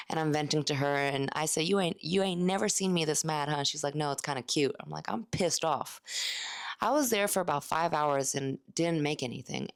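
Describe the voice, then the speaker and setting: A woman in her late thirties telling a candid, animated story about a night at work. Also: sits low. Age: 30s. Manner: animated, candid, acts out quoted lines. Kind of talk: casual storytelling vlog.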